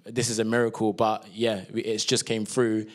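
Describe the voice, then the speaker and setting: A young man with a London accent, a guest actor chatting through stories in an interview, relaxed and full of slang and fillers. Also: fairly low pitch, moderate pace. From England. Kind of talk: casual interview chat.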